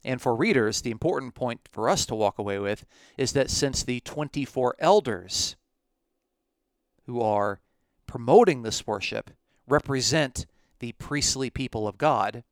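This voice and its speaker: A man teaching on scripture in a podcast, slow and emphatic, reading Greek passages aloud. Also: mid-range voice, animated, no room sound, clean studio sound. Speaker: Bible teacher.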